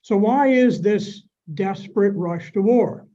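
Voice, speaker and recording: A man's voice: sits high, takes it slowly, dark tone, muffled recording. A man giving a prepared, dramatic speech as a panel guest. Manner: dramatic, declamatory. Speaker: panel speaker.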